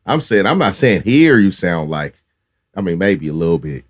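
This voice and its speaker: A man's voice: low-pitched, very animated, normal speed. A man from Los Angeles co-hosting a podcast, chatting casually and teasing the others by mimicking slang voices. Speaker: podcast co-host. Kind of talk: casual chat.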